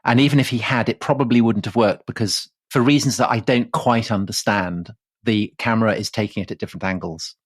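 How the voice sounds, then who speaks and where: A man's voice: lowish voice, fairly quick, slightly rough, no echo. A man co-hosting a podcast, telling a history story in a chatty, joking way full of fillers. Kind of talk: casual history chat.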